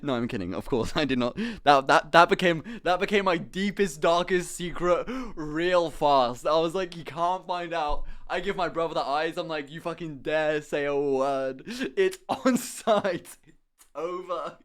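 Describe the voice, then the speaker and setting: A young man from Somerset, a streamer chatting casually while he paints, telling stories excitably with lots of swearing and laughter. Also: on the high side, unhurried. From Somerset, England. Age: young adult.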